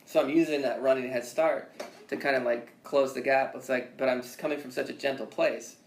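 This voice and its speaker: A man's voice: medium pitch, fairly even intonation, brisk, a little hiss or hum. Loose, swearing male voice teacher. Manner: loose, profane, rambling explanations. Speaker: singing teacher. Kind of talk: casual one-on-one voice lesson. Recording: echoey room.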